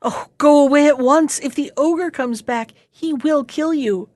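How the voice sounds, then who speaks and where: A gentle fairy-tale maiden speaks in a soft, hushed voice, careful and clever under her fear, played by a woman reading aloud. Her delivery is slow and close to the mic. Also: high voice, dry recording, voice pushed up. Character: gentle young maiden, frightened but clever.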